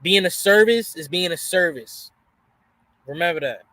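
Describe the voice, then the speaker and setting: A man's voice: high-pitched, animated, moderate pace, pushed and bright, no echo. A man hosting a reaction video, giving casual, preachy motivational asides in slangy speech. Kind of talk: casual commentary.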